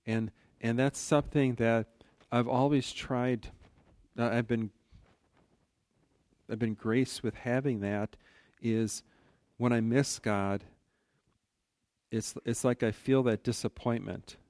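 A man's voice: medium pitch, fairly even intonation, slow, long pauses, darkish tone, no room sound. A man teaching from the Bible in a conversational, earnest way, often restarting his sentences and adding "you know". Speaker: preacher.

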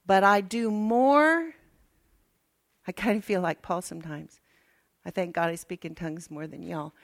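A woman's voice: on the low side, steady tone, brisk, vocal fry. An older woman minister, preaching a chatty, folksy sermon with asides to her congregation.

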